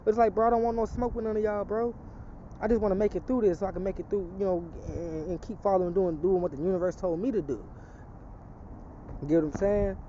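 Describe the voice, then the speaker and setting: A man's voice: high-pitched, fairly even intonation, quick pace, warm tone, highs cut off, slight background noise. A man telling a personal testimony in casual street talk, rambling and profane, slipping into an emphatic preaching tone.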